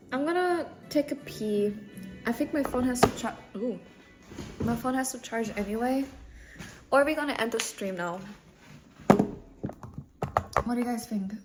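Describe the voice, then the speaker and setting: Playful woman chatting on a stream. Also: a little high. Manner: playful and joking, often breaking into laughter. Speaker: livestreamer. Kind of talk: casual chat reading viewer comments.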